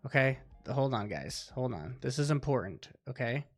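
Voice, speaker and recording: A man's voice: mid-range voice, expressive, moderate pace, soft background music. A man hosting a casual livestream chat, rambling as he reacts aloud to clips. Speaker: host.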